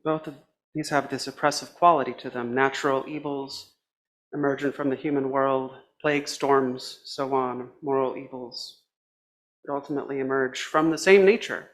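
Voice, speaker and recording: A man preaching a sermon as a minister, with a measured, reflective delivery in short phrases. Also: medium pitch, steady tone, fairly bright tone, slight background noise.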